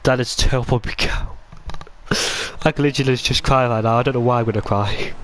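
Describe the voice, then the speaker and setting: An excitable man calls a racing game league in a loose, chatty way, often stumbling and restarting mid-sentence. His voice sits at an ordinary middle pitch. A faint hiss runs underneath. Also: fairly quick. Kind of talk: casual live commentary on a racing game.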